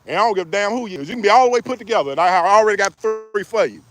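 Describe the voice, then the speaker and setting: A man's voice: high voice, racing, fairly bright tone. A middle-aged man giving relationship advice in a joking, preachy way. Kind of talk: casual advice monologue.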